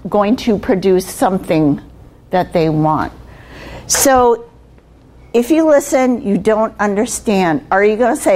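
Slow, conversational older woman. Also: mid-range voice, a little mellow. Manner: conversational, asks the audience rhetorical questions. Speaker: guest speaker on communication skills. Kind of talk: workshop talk to students.

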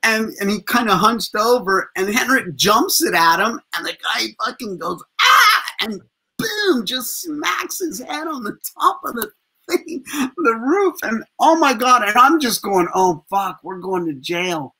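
In a casual storytelling interview, a man in his fifties from the USA speaks in a very high, gravelly voice with a breathy edge, taking his time. He's a street performer appearing as a guest, animated and profane, telling stories and laughing often.

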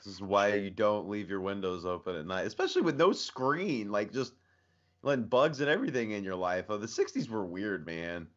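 A man co-hosting a podcast with a very deep voice. He chimes in with wry, joking asides in casual conversation. The recording sounds dull and lo-fi. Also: lively intonation, brisk. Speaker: podcast co-host.

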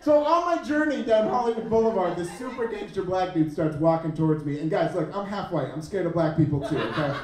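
A man in his thirties performing a stand-up comedy set on a club stage, animated and jumping up in pitch for punchlines. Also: fairly quick, few pauses, heavy reverb, recorded from a distance, a crowd in the background, poor audio. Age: 30s.

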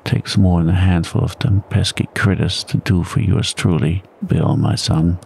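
A man's voice: low-pitched, fairly even intonation, moderate pace, vocal fry, a little mellow, slight background noise. A man doing a wry, laconic old-time trail partner. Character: easygoing, wry male frontier trail partner.

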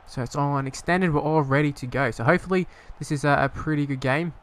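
A man's voice: a little high, fast talker. Rambling young man commentating a game. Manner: rambling, hesitant, bursts into swearing frustration. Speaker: gaming YouTuber.

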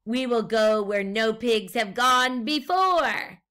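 A woman voicing a brave, bossy male guinea pig explorer who shouts commands in a storybook reading. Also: on the high side, expressive, slow pace, clear, resonant tone, heavily acted. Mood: bold commanding. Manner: loud, commanding, dramatic.

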